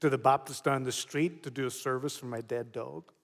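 A preacher voicing a plain-spoken sad farmer. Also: male voice, mid-range voice, fairly even intonation, a little fast, gravelly, a bit bright, pitched below the performer's own voice. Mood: pleading. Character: humble grieving male farmer in a joke. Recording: long hall reverb.

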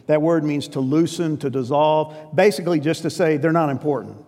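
A man's voice: fairly high pitch, normal speed, a little mellow. A male pastor preaching a sermon in an earnest, emphatic, conversational way. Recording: long reverb of a big hall.

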